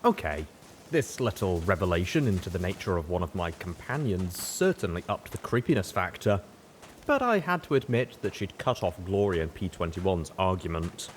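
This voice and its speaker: Guy reading a fanfic out loud, low voice, lively, faint hiss behind. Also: normal speed. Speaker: audiobook reader. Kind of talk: fan fiction reading.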